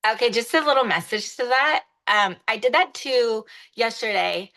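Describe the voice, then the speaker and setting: A woman's voice: on the high side, expressive, moderate pace, sharp tone. A real estate agent woman telling the group a story on a coaching video call, chatty and full of fillers. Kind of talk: casual chat.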